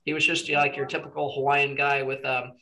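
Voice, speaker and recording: A man's voice: mid-range voice, level tone, fast talker, pushed and bright, rough recording. A man teaching a casual screenwriting workshop to a small group, chatty and encouraging with lots of "you know"s.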